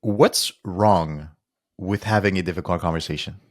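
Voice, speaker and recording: Deep-voiced man pressing a question. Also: moderate pace, dry recording, clean studio sound. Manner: probing, repeats his questions. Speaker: podcast co-host. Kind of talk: casual podcast chat.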